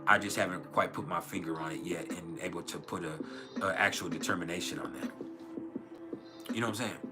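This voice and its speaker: A man hosting an astrology livestream in a loose, rambling, profane way, full of fillers and restarts. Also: fairly low pitch. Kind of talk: casual livestream chat.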